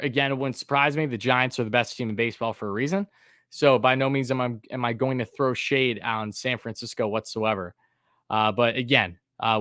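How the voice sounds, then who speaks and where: A man hosting a live sports call-in stream, talking in a relaxed, fairly level way with frequent ums and uhs, at a medium pitch. He reads viewer comments aloud between his thoughts, and the sound is dry and close, with no room around it. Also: dry recording. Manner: says his own voice sounds monotone; casual, many fillers, reads chat names aloud.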